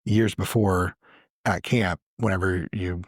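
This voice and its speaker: A man with a very deep, husky voice hosts a relaxed church interview. He affirms his guest often and explains ideas in loose, restarting sentences. The sound is dry and close-miked. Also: slow pace, no room sound. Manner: affirming, repeats words and restarts while explaining. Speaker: church podcast host, interviewer.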